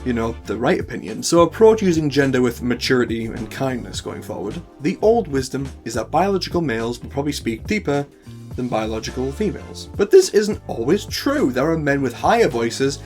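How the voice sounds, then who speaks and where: A man's voice: mid-range voice, very animated, a little fast, a little mellow, soft background music. Chatty northern English man giving tips. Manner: chatty, playful asides. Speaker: host. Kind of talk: tutorial talk to camera.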